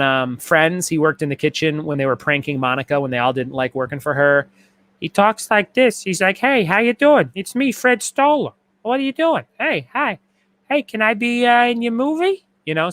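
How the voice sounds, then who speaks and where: A man with a slightly high voice hosts a live-streamed trivia night. He reads answers and questions as lists and repeats them for the players. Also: a bit bright. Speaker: trivia host.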